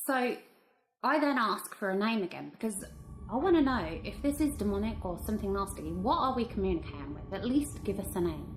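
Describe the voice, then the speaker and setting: A woman's voice: medium pitch, fairly quick, faint music behind. A woman hosting a paranormal vlog, narrating her investigation recordings in an earnest, suspense-building way. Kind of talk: voice-over narration reviewing recordings. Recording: roomy with steady background hum.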